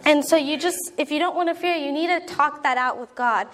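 A woman's voice: high voice, a little fast, a bit bright. A young woman preaching a sermon in an earnest, conversational way, acting out prayers as she goes.

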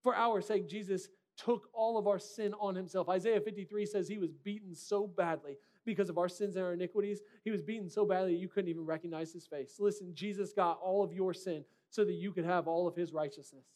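High-voiced man preaching a sermon. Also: steady tone, brisk, few pauses, darkish tone. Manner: direct, conversational preaching with rhetorical questions. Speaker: pastor.

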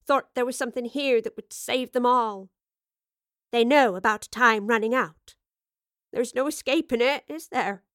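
A woman's voice: a little high, unhurried, a bit bright, no echo, studio quality. A woman voicing a timid, uneasy young survivor who talks in plain colloquial grammar.

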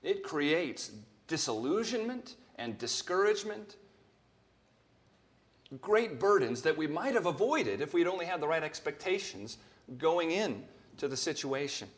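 A man preaching a sermon as pastor, earnest and measured, his voice rising when he quotes scripture. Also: a little high, big pitch swings.

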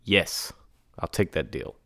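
A man hosting a solo podcast, telling business stories in a casual, animated way, acting out others in high put-on voices and laughing between lines. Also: slow pace, dry recording, clean studio sound. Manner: laughs and sighs often. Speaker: podcast host.

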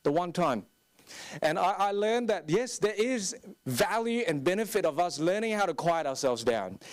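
A young man preaching a sermon as pastor, candid and self-deprecating, with animated storytelling. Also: high voice, normal speed. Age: young adult.

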